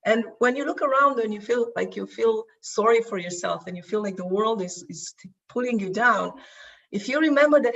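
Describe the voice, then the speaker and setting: A woman's voice: on the high side, expressive, moderate pace, vocal fry, a bit bright, far from the mic, muffled recording. A woman speaking as a guest in a casual chat, reflective and earnest.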